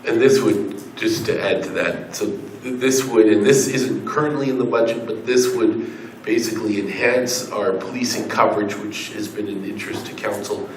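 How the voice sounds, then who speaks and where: A man in a council budget meeting, explaining points in a measured way. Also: fairly low pitch, a little hiss or hum. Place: council chamber. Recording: distant roomy chamber mic.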